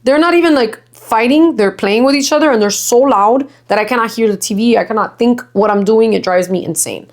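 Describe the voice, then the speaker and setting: A woman's voice: on the high side, brisk, few pauses, a little mellow. A young woman from Miami hosting a podcast in casual chat, swearing freely, laughing often and slipping into Spanish. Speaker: podcast host.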